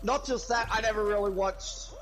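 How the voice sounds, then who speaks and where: A man's voice: sits high, fairly even intonation, moderate pace, crowd noise. A man playing a game with friends, chatting casually and often hesitating mid-sentence. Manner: hesitant, restarts and trails off. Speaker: co-player. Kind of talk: casual chat while gaming.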